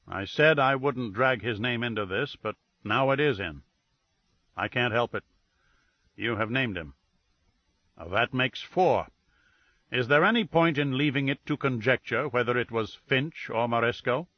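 A man's voice: medium pitch, expressive, a little slow, no room sound, lo-fi sound. A man reading a reluctant, guarded agency boss.

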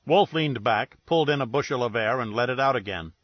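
A man's voice: medium pitch, brisk, dry recording. A man narrating a detective novel in the first person, in a wry, understated way. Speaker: audiobook narrator. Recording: dull lo-fi, dry recording.

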